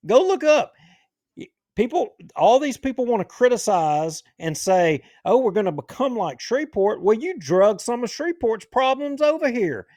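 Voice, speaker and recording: Ranting high-voiced man. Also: sing-song, moderate pace, a little mellow, dry recording. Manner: ranting, indignant. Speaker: talk show host. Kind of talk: heated political commentary.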